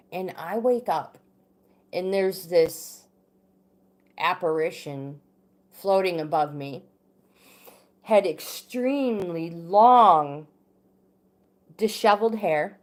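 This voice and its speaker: A middle-aged woman recounting a story on a livestream, her pitch sitting a little low. She speaks slowly and unhurriedly, pausing often, restarting sentences and filling gaps with "um.". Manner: halting, many restarts and fillers. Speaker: livestream host. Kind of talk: casual storytelling.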